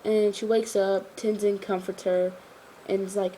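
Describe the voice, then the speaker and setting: A woman gives a casual episode review. She sounds tired, and she rambles, leaning on "like" and "you know". Her voice is warm and mellow, never sharp. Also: medium pitch, level tone, a little slow.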